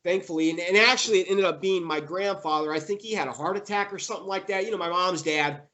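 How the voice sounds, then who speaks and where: A young man being interviewed, telling a personal story in a halting way with many fillers and restarts, getting emotional. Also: high voice, bright, forceful tone.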